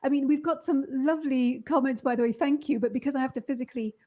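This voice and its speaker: A woman with a high, mellow voice hosts an interview in easy conversation. She talks warmly and laughs often, with loose restarts. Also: steady tone, fast talker. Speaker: host. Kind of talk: interview chat.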